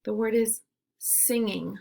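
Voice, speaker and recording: A woman teacher leading a phonics drill for young children, giving slow, clear, drawn-out word prompts. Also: fairly high pitch, steady tone, dark tone. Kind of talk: phonemic awareness lesson for young children.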